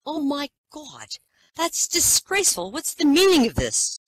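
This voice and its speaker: A woman voicing a prim elderly queen who gasps in high-pitched, scandalized exclamations. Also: wildly swooping pitch, unhurried, no room sound, heavily acted, rough recording.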